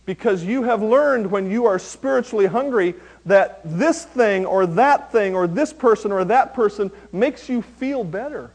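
A man preaching a sermon, animated and humorous, acting out little quotes as he goes. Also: sits high, measured pace, few pauses. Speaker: pastor.

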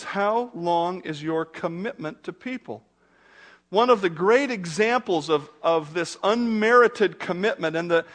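Middle-aged preacher guy, fairly high voice, lively sermon, keeps asking the room questions. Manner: animated, conversational preaching with rhetorical questions. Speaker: pastor.

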